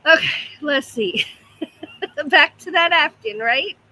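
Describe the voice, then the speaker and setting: Slow-talking chatty woman at home. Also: high voice, expressive, pushed and bright, no echo, low-quality recording. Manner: chatty, talks to her pets and reads viewer comments. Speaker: livestream host. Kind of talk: casual livestream chat.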